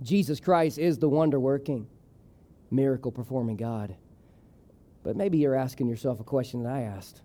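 Male preacher, sermon, mellow dark tone, acts out the people in the story. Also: normal speed. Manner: dramatic, dropping to a hushed low voice for emphasis. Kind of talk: sermon retelling scripture.

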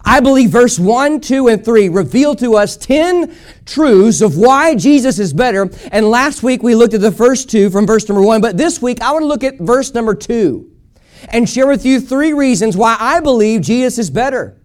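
High-pitched male pastor, emphatic, repetitive sermon delivery with congregation call-outs. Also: expressive, moderate pace. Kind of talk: preached sermon. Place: church service.

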